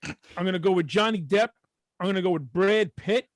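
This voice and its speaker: A middle-aged man with a Brooklyn accent, co-hosting a podcast and telling stories in a casual, profane, animated way. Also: high-pitched, normal speed, dry recording, clean studio sound. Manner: animated, profane, acts out quotes. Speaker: podcast co-host. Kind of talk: casual storytelling.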